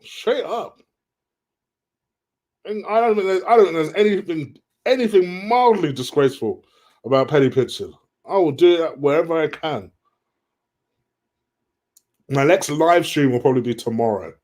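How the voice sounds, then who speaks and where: A man's voice: a little high, lively intonation, moderate pace, darkish tone. A man hosting a casual live stream, reading viewers' questions aloud and answering them in a chatty way.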